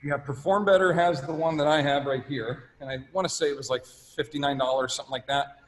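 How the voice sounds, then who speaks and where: A man's voice: a little high, fairly even intonation, a little fast, low-quality recording. A man presenting at a live fitness workshop and answering questions in a casual, practical way.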